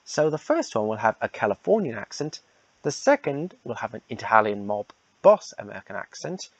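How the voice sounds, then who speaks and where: Man, casual announcement, rambling, lively pitch, dry dull lo-fi recording. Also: moderate pace, dry recording. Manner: rambling, repeats himself. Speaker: fan redub organizer.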